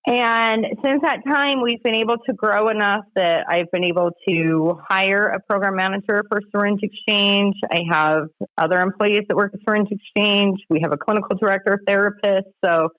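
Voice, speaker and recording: Utah lady in her 40s, chatty and animated, slightly muffled dry podcast audio. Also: medium pitch, normal speed, few pauses, no room sound. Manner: animated, laughing storyteller. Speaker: podcast guest, harm reduction director. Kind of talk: casual storytelling chat.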